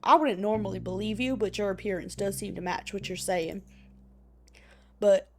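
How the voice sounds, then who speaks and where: A woman's voice: medium pitch, normal speed, a little hiss or hum, lightly acted. A woman voicing a paranoid, distrustful loner in a game. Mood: wary. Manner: wary, distrustful. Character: paranoid suspicious loner animal villager.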